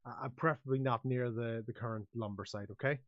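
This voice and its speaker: A man's voice: medium pitch, fairly even intonation, fast, slight background noise, lightly acted. A man voicing a nervous male town guard who stammers and pleads, in a dull, lo-fi recording. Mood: nervous pleading.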